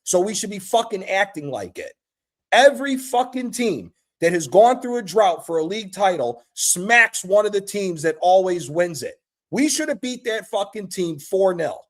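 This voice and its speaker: A man's voice: high voice, big pitch swings, normal speed. An American man calling in to a live talk show, ranting with passion and plenty of swearing. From United States. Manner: passionate, profane, emphatic. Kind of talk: heated call-in rant.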